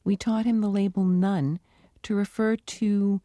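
A middle-aged woman researcher answering interview questions and telling her work stories with lively, acted-out dialogue. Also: mid-range voice, measured pace, no echo, studio quality. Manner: animated storytelling, acts out dialogue. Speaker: animal cognition researcher.

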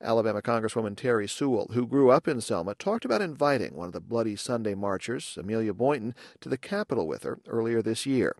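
A man filing a scripted radio news report in an even, measured newsreader delivery. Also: medium pitch, no echo, studio quality.

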